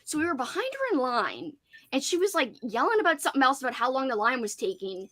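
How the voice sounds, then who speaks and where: A woman hosts a casual livestream chat, telling an animated story with "like" in nearly every sentence. Her voice is high and fast.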